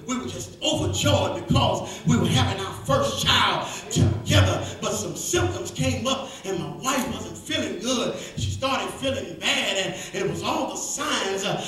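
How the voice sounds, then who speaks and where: A man preaching a call-and-response sermon as pastor, shouting phrase by phrase with breathy "uh" fillers between lines. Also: extremely high pitch. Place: large church sanctuary. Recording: echoey church hall from far off, with organ and congregation. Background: organ music and congregation responses.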